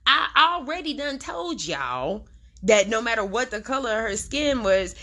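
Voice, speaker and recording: A young woman talks straight into the mic on her own podcast, voice sitting a little high for a woman. She rants bluntly, swears freely and leans on street slang as she picks apart a story. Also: big pitch swings, measured pace, bright, forceful tone. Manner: profane, blunt, heavy slang, dramatic retelling. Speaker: podcast host. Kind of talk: casual commentary monologue.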